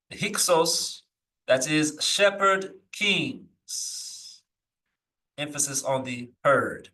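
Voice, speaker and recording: A man teaching a live lesson, reading old texts slowly aloud and then explaining them in loose, searching asides. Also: on the high side, animated, pushed and bright, distant mic, low-quality recording. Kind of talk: live recorded scripture lesson.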